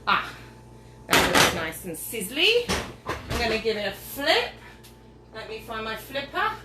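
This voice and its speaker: A woman's voice: fairly high pitch, very animated, measured pace, very noisy. Tipsy, chatty woman cooking in an echoey kitchen. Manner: chatty, rambling, loses her train of thought. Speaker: home cooking vlogger. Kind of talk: casual cooking demonstration. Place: home kitchen, indoors. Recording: echoey kitchen with clattering dishes.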